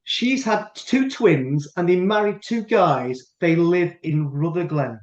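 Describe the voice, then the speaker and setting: A man's voice: fairly high pitch, animated, slow pace. A middle-aged man with a Scottish accent, host of a casual chat, telling a long rambling anecdote with lots of restarts. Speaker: podcast host. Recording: echoey room, dull lo-fi sound.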